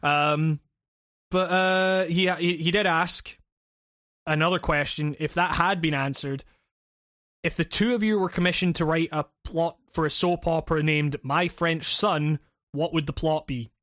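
A man with a bright, fairly high voice chats casually on a podcast. He rambles and restarts his thoughts, joking and laughing. The sound is dry and close. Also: fairly even intonation, unhurried, dry recording. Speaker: podcast co-host reading listener questions. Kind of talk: casual chat.

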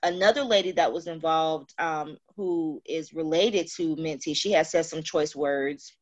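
A woman in casual podcast chat, telling a personal story with animated delivery and acting out the voices in it. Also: low-pitched, unhurried. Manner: animated storyteller, acts out dialogue. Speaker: guest sharing a story.

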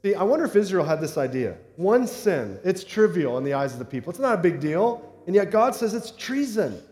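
A man preaching a conversational sermon, often pausing to check in with his listeners. His voice sits a little higher than most men's. The room gives it a roomy echo with a long reverb tail. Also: very animated, a little mellow. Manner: conversational preaching with frequent check-ins to the congregation. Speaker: pastor. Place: church sanctuary. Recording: echoey hall reverb.

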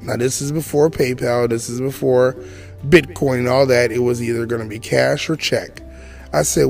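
A man's voice: mid-range voice, fairly even intonation, normal speed, vocal fry, a little mellow, faint music behind. A man in his forties telling his own story as a podcast host, chatty and full of asides to the listener. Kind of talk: storytelling monologue.

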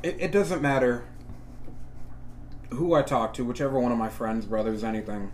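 A man's voice: medium pitch, normal speed. Male podcast co-host, loose and profane, jokey storyteller, a little background hiss. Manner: profane, joking, animated storytelling. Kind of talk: casual podcast chat.

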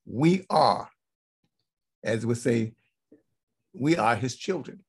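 A man's voice: mid-range voice, expressive, takes it slowly, husky. A man giving a Bible teaching sermon to a congregation. He repeats his points for emphasis and keeps checking in with "okay?".

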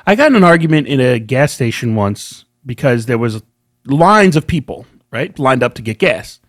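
A man chats casually as a podcast co-host, telling animated stories with plenty of swearing. His voice sits at an ordinary pitch for a man. The recording is dry and close. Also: normal speed, no room sound. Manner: profane, animated storyteller. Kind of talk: casual chat.

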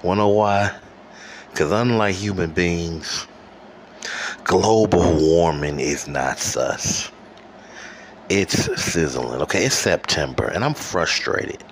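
A man from Detroit holds forth alone on his podcast in a very low voice, taking his time over every word. His rant is profane and rambling, punctuated by "okay?", and recorded at home with an air conditioner humming faintly behind him. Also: takes it slowly, long pauses. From Detroit, USA. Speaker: podcast host. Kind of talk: solo ranting monologue. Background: faint air conditioner hum.

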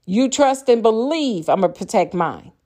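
A woman's voice: on the high side, animated, measured pace, warm tone. A woman with grown children and grandchildren, delivering an impassioned, blunt and profane solo monologue as a podcaster. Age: older. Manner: angry, blunt, profane ranting.

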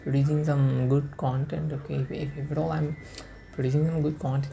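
A woman's voice: sits low, flat delivery, normal speed, vocal fry, warm tone, a little hiss or hum. A woman hosting a solo podcast, rambling and swearing casually, sleepy and yawning as she talks unscripted. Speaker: podcast host.

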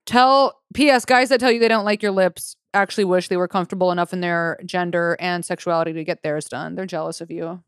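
A woman co-hosting a casual podcast talks in a lowish voice, loose and profane, often breaking into laughter. Her delivery is relaxed and chatty, the sound dry and close. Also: fast, hardly any pauses, clear, resonant tone, no room sound. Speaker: podcast co-host. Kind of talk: casual podcast chat, reading listener letters.

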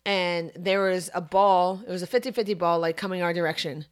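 A young woman co-hosting a podcast, telling a story in casual chat, animated and profane. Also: lowish voice, a little fast. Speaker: podcast co-host.

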